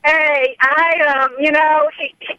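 A woman's voice: sits high, little pitch movement, slow pace, pushed and bright, dry recording. Giggly Southern woman on a phone line. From Mississippi, US. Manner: giggly, friendly. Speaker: caller. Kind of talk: phone call to a radio show.

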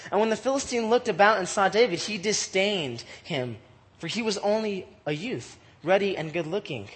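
High-voiced chatty man teaching scripture. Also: lively intonation, moderate pace, a bit bright, in a large hall. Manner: chatty, laughs often, retells in slang. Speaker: Bible study teacher. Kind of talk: casual Bible teaching.

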